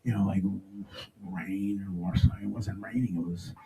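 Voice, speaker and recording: Middle-aged male storyteller at a live talk, with a dark, gravelly tone and a halting, emotional delivery. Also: low-pitched, fairly even intonation, a little hiss or hum, poor audio. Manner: emotional, halting, with frequent restarts. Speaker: speaker telling his own story. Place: stage before a live audience.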